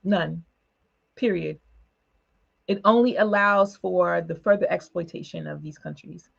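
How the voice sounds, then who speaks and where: A woman speaking emphatically in a political broadcast discussion, with quick asides and short laughs. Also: lowish voice, vocal fry, husky, dull audio. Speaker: panelist for a women's political organization.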